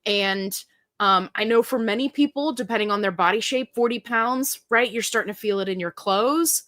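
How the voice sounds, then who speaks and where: A bubbly woman hosts a casual livestream and greets viewers by name one after another. Her voice is bright and forward, and it sits dry and close to the mic with no room sound. Her pitch stays in an ordinary middle range. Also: normal speed, no echo. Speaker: livestream host. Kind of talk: casual live-stream chat.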